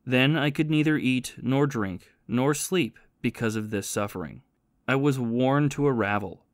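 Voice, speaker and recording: Remorseful ex-soldier and thief confessing his past, read by a man, steady and plain, dry booth sound. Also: medium pitch, unhurried, no room sound, lightly acted. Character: remorseful former soldier and thief, haunted by guilt.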